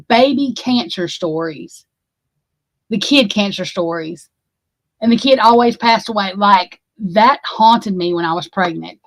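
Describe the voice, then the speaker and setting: A woman in her 40s hosts a livestream, chatting casually with her viewers in a rambling, profane, emphatic way. Her voice is fairly high-pitched, and the recording is dry and low in quality.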